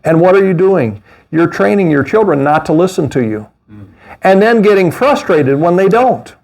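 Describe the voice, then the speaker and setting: A middle-aged man preaching a sermon as pastor, animated, with mocking asides and laughter. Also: sits high, moderate pace, creaky.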